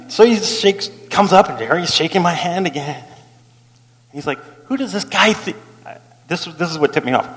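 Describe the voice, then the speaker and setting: A middle-aged male pastor preaching a sermon as an animated story, acting out the people he quotes and laughing as he goes. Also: high voice, moderate pace. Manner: animated, acts out quotes, laughs while telling. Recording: long hall reverb.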